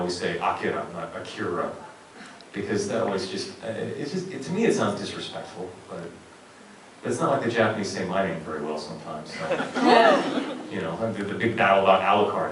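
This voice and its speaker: This is a middle-aged male voice actor chatting on a convention panel, articulate and animated, with frequent laughs. His voice sits low and moves through a wide range. The sound comes from a distant mic in a very echoey hall with faint noise behind him. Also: brisk. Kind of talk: casual panel talk.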